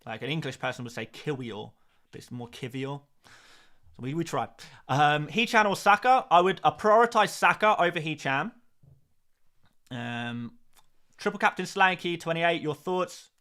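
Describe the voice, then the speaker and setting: A man's voice: on the high side, very animated, moderate pace, pauses often, sharp tone. Chatty man hosting a live stream. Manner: chatty, repeats phrases, frequent fillers and restarts. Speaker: host of a fantasy football live stream.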